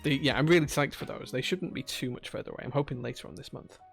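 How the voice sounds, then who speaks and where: Gravelly man chatting on a live stream. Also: medium pitch, expressive, fast talker, fairly bright tone, soft background music. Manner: distracted, muttering to himself while setting up chat commands. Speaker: livestream host. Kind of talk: casual live-stream chat. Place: home workshop.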